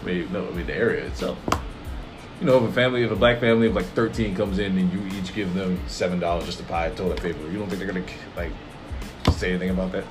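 A man's voice: deep voice, fast talker, music in the background. A man co-hosting a casual chat, telling joking stories and swearing freely. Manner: profane, joking, animated storyteller. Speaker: podcast co-host.

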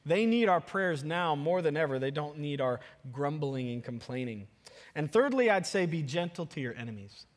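A man preaching in an earnest pastoral way, his voice sitting a touch high for a man. He swings from emphatic peaks to soft, low stretches. A long hall reverb trails behind every phrase. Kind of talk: sermon.

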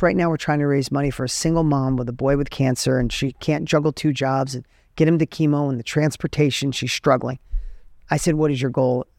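A man's voice: mid-range voice, darkish tone, dry recording, studio quality. A middle-aged man giving an earnest, emphatic motivational talk as a podcast host, telling stories to make his points. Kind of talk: motivational monologue.

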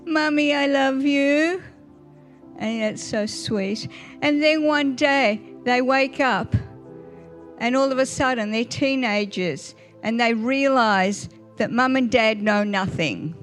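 Older woman, slow and gentle. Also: fairly high pitch. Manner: warm storytelling with little laughs, asks the audience questions. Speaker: guest speaker at church. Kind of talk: Mother's Day church talk.

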